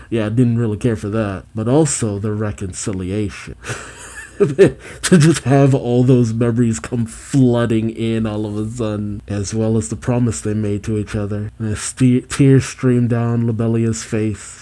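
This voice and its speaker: A man's voice: mid-range voice, mellow. A man reading a manga chapter aloud, quoting the characters' lines plainly and breaking off into his own reactions.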